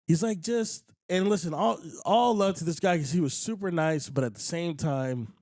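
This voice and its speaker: A man hosting a podcast, telling a story in casual chat, animated and acting out other people's lines, with frequent swearing. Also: a little high, moderate pace, no echo, clean studio sound. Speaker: podcast host.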